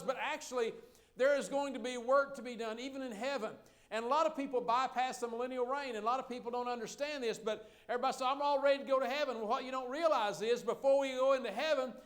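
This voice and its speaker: A man's voice: very high voice, a bit bright. A middle-aged man preaching a sermon as pastor, folksy and joking with the congregation.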